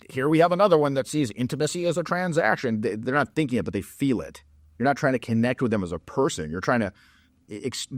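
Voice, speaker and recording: A man's voice: lowish voice, dry recording. A man coaching on dating in a blunt, profane, casual monologue, telling stories with laughs and mocking others in put-on voices.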